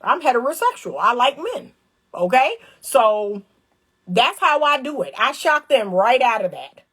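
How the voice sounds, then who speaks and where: A woman giving casual, animated commentary on relationships. She talks straight to her viewers in colloquial speech, repeats phrases for emphasis and acts out little scenes. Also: a little high, unhurried, husky. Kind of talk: casual direct-to-camera commentary.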